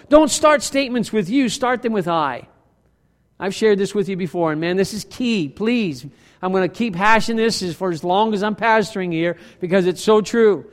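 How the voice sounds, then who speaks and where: A man preaching a sermon as pastor, lively and self-deprecating, acting out quoted arguments between spouses. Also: high-pitched, moderate pace, big-room sound.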